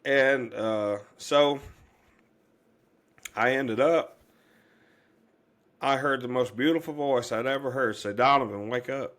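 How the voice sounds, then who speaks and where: Man, middle-aged, medium pitch, earnest rambling storyteller, lots of fillers. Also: takes it slowly, long pauses, a bit bright. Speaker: podcast guest. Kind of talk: personal storytelling in an interview.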